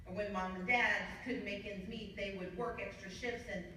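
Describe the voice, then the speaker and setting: A woman from the Mississippi Gulf Coast giving a storytelling campaign speech at a party gala, measured and building through repetition. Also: medium pitch, steady tone, bright, forceful tone, slight background noise. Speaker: keynote speaker at a party gala. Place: large event hall. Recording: echoey hall, distant mic.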